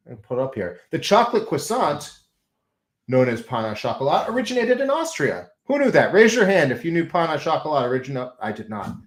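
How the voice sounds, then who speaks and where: A man chatting casually and musing out loud on a late-night livestream from his off-grid farm, slightly stuffy with a runny nose. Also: medium pitch. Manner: rambling, musing, self-mocking asides. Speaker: off-grid homesteader streaming live. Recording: roomy echo.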